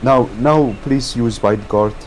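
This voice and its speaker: A man's voice: mid-range voice, slow pace, a loud crowd, low-quality recording. A man on a game call who keeps urging his teammates to follow instructions. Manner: insistent, repeats instructions to teammates. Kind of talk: casual gaming chat.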